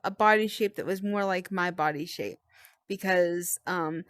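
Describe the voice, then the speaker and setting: A woman hosting a casual interview, friendly and quick to laugh. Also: lowish voice, no room sound. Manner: friendly, asks questions, laughs easily. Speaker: host.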